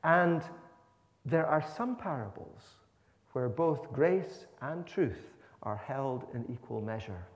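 A man's voice: mid-range voice, sing-song, slow pace. Guy preaching, chatty and explaining things, church echo hanging on every word. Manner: conversational, explaining with asides. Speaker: minister. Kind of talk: sermon. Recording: long church reverb.

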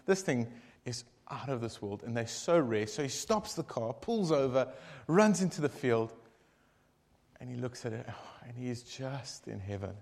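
Man, devotion leader, casual rambling joke teller, animated, fillers and asides, mid pitch.

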